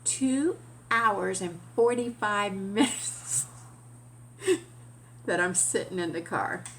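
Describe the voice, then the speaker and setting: A woman's voice: mid-range voice, slow pace, slight background noise. Chatty woman vlogger, swearing casually. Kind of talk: casual storytelling.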